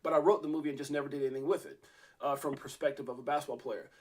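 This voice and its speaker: A man's voice: mid-range voice, steady tone, rapid-fire, a little mellow. A man hosting an interview, telling a long rambling story with many restarts and fillers. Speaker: podcast host.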